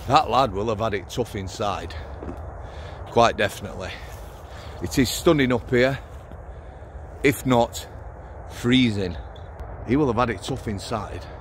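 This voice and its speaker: A man's voice: lowish voice, fairly bright tone, a little hiss or hum. A man in his fifties with a Sheffield Yorkshire accent, a former prison officer talking bluntly to camera outdoors in short, punchy phrases. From Sheffield, Yorkshire, England. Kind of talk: casual monologue to camera. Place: outdoors on a cold hilltop.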